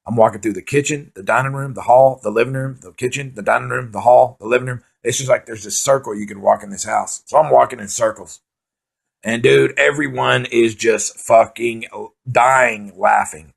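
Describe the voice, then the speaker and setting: A man doing profane, rambling comic storytelling, excitably acting out his own panic. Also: medium pitch, normal speed, gravelly, husky. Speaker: stand-up comedian.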